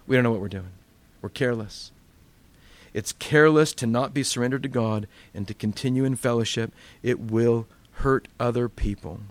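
A man preaching as a pastor, telling funny stories and acting out the voices of the people in them. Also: medium pitch. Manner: animated, acts out voices in his stories. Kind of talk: storytelling sermon.

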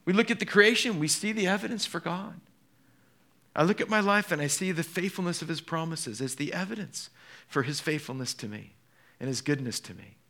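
A man preaching a sermon, swinging from raised emphasis to hushed, slowed quotations. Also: a little high, lively intonation. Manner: dramatic, swings from loud emphasis to hushed quotes. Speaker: pastor.

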